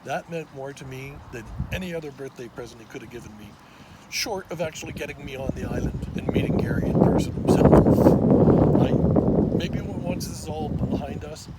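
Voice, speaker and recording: A man of fifty telling a personal story to camera in an animated, excitable way, filmed on a phone. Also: on the high side, brisk. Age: 50s. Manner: excitable, animated, with small restarts and laughs. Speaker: vlogger. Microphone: phone on a selfie stick. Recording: loud outdoor background noise.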